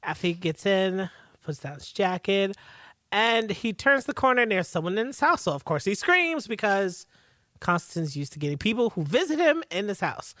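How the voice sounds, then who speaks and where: A podcast co-host in casual chat, relaxed and agreeable, retelling a TV plot with plenty of fillers. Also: medium pitch, moderate pace, dry recording, studio quality.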